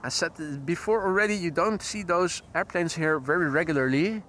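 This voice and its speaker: A Dutch-accented man hosts a live plane-spotting stream from beside a runway, talking precisely and often rewording himself mid-sentence. His voice sits high and sounds bright and forward. A faint outdoor hum runs beneath him. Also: brisk. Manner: chatty, precise, self-correcting. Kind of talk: live commentary with chat greetings.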